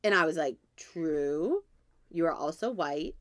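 A woman's voice: sits low, expressive, unhurried, no room sound, clean studio sound. A woman in her thirties, co-hosting a casual podcast chat and telling a family story in a chatty way, laughing often. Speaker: podcast co-host.

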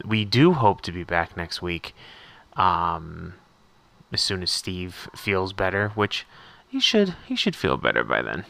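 A man introducing a podcast rerun episode, speaking haltingly with many fillers. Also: low-pitched, gravelly, bright, forceful tone, no echo. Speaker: podcast co-host.

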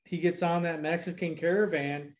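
A man's voice: fairly high pitch, fairly even intonation, moderate pace. A man from Georgia co-hosting a casual chat, recapping a movie in a rambling, profane way. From Georgia, USA.

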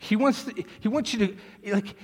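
A male pastor preaching a sermon in a church, with conversational storytelling that swells into fervent, near-shouted exhortation. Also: high-pitched, moderate pace, breathy edge. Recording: long hall reverb.

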